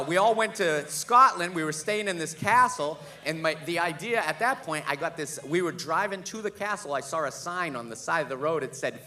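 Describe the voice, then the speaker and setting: A brash man tells stories on stage with a profane, animated stand-up delivery. His voice sits a little high and sounds bright and forceful. Faint room ambience hangs behind his mic. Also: slight background noise. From Boston, USA. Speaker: stand-up comedian. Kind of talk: live stand-up comedy. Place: live theater stage.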